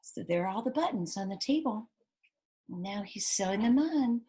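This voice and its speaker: A woman's voice: mid-range voice, normal speed, husky. A woman teacher reading a picture book aloud to children, stopping to ask them questions. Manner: animated, asks children questions.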